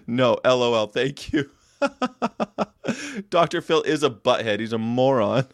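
A man's voice: mid-range voice, moderate pace, no room sound, clean studio sound. A man hosting a casual daily monologue, rambling and crude with sarcastic asides. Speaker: vlog host.

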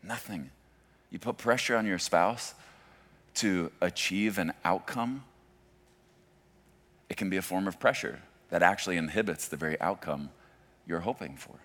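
A man in his forties, a pastor preaching a sermon in a conversational way that swings from hushed to loud. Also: deep voice, moderate pace, long pauses.

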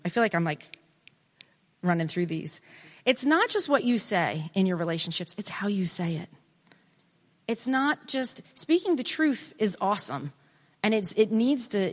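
A middle-aged woman speaks in an earnest, animated way, often breaking off mid-sentence and restarting. Her voice sits in a medium range. It carries a long reverb tail. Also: medium pitch. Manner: earnest, animated, self-interrupting. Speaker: speaker on family relationships. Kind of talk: casual talk.

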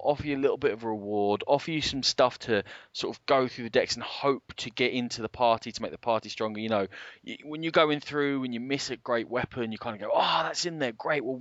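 A podcast co-host talks casually about games, rambling at length with plenty of emphasis. His medium-pitched voice has a fairly bright tone with no echo, though the podcast audio is dull and lo-fi.

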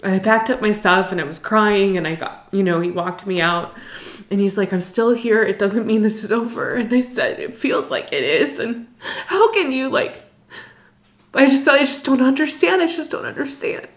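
A young woman telling an emotional personal story, halting and distressed, full of fillers and restarts. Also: mid-range voice, lively intonation. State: distressed, near tears.

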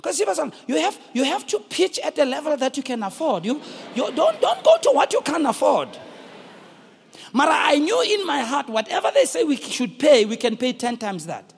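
A middle-aged man with a South African accent preaching a sermon, telling a story and calling out to the congregation in shouted, sung-out bursts. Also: extremely high pitch, very animated, normal speed, creaky, big-room sound. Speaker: pastor.

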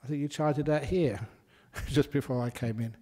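A man's voice: medium pitch, moderate pace, darkish tone. A man, a Buddhist monk, giving a humorous dharma talk in a chatty way and laughing at his own stories.

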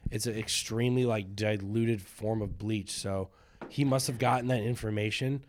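A man's voice: lowish voice, steady tone, normal speed, slight background noise. A young man in casual podcast chat, laid-back and profane, often trailing off with fillers.

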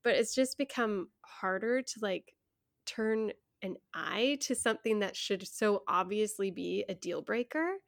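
A woman's voice: mid-range voice, unhurried, vocal fry, no room sound, studio quality. A young adult woman co-hosting a podcast, talking frankly and earnestly with frequent laughs. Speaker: podcast co-host. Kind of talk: casual chat.

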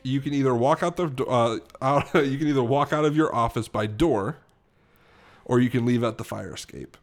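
A man's voice: medium pitch, normal speed. A man running a casual improvised game as game master, chatty and laughing often.

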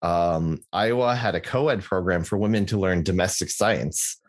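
The voice of this young adult podcast co-host sits low, and he keeps a moderate pace. He chats casually, with jokey asides and plenty of fillers and restarts.

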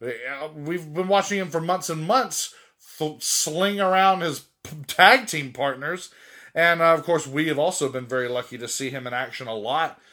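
A man's voice: on the high side, moderate pace, sharp tone. A young American man co-hosting a podcast, joking around in casual banter and laughing often. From United States. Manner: jokey, playful, laughs often. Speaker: podcast co-host.

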